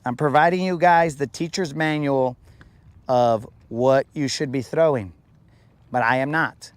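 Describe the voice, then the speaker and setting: A man's voice: medium pitch, a little slow, no room sound. A man hosting a live fishing stream outdoors on a lake, playful and full of slang as he jokes with his chat. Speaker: fishing livestream host.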